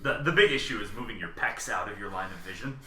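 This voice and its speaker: A man runs a tabletop role-playing session as game master, his voice sharp and bright with a lively rise and fall. He narrates in a laid-back, joking way. The sound carries the echo of a roomy space. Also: lowish voice, fast, slight background noise.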